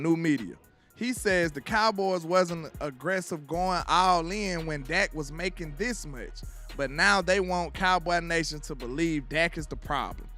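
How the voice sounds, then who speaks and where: A man hosting his own sports commentary show, ranting in an animated, slangy way and laughing as he goes. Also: sits high.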